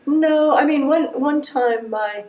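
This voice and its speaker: A man's voice: very high voice, slow pace, dull audio. Middle-aged man, role-play client, hesitant, rambling, lots of fillers, roomy echo. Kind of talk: clinical interview role-play.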